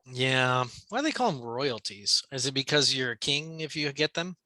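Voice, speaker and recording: A man's voice: medium pitch, animated, moderate pace, bright, forceful tone, no room sound. A man co-hosting a podcast in casual chat, rambling and hesitant, with lots of restarts and casual swearing. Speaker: podcast co-host.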